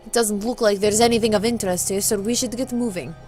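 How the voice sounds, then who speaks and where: Calm formal count, steady leader type, level read, a woman putting him on over faint music. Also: medium pitch, brisk, close to an everyday voice. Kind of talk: reading a visual novel aloud.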